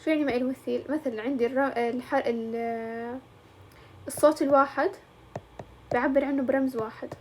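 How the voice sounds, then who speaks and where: A woman teacher walks through a lesson step by step. She talks in a fairly high voice. She moves easily between English and colloquial as she explains. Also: fairly even intonation, rapid-fire, a little hiss or hum. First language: Arabic.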